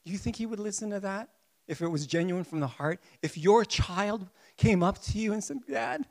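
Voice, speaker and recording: A male pastor with a high voice delivers an impassioned sermon. He acts out heartfelt prayers and swings from hushed pleading to loud, emphatic bursts. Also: animated, moderate pace, gravelly.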